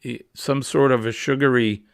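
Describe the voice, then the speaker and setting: A man's voice: medium pitch, fairly even intonation, moderate pace, gravelly, clean tone, no echo, studio quality. A middle-aged man hosting a casual morning chat show, rambling and jokey. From New England. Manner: rambling, jokey, easily amused. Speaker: host.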